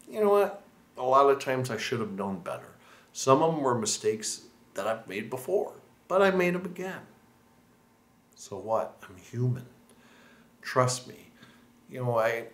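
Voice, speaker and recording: An American man hosts a language-learning video, speaking earnestly and encouragingly to the camera in a voice on the low side. His delivery is conversational, with restarts and asides, and the room sounds echoey.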